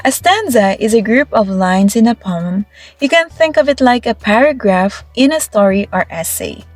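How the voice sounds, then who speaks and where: A woman's voice: fairly high pitch, very animated, moderate pace, dry recording. A woman teacher from the Philippines giving an upbeat, encouraging recorded video lesson. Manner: upbeat, encouraging classroom explanation. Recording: faint background music.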